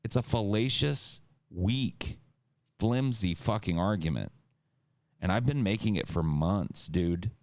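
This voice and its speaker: On a podcast, a man who co-hosts the show rants about politics, cursing often and tossing off quick mocking impressions of others. His voice sits on the low side and the recording is dry. He's an adult, old enough to have seen an incumbent lose twice in his lifetime.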